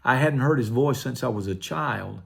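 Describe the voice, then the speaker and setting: An older pastor tells his testimony in a gravelly voice of middle pitch. He speaks earnestly, with quiet emotion. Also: expressive, normal speed. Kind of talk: personal testimony.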